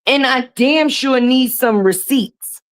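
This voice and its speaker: Speaking at a slow pace, a hoarse woman whose voice sits high hosts a relaxed live stream in her garage. She chats with viewers, calling them baby and greeting each by name.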